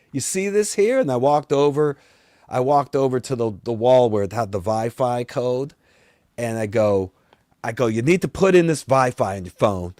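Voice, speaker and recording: A man's voice: mid-range voice, no echo, clean studio sound, natural voice. A man playing a boastful vampire talk-show host, telling a rambling, exasperated story and swearing along the way. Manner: rambling and exasperated, swears, voice often climbs and grows loud. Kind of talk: comedic rant.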